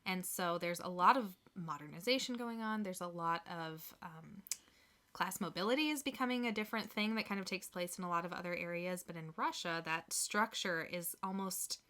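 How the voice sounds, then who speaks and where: A woman's voice: fairly low pitch, normal speed, pushed and bright. A woman from the American Midwest co-hosting a podcast, chatting casually and laughing often. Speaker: podcast co-host. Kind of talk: casual chat.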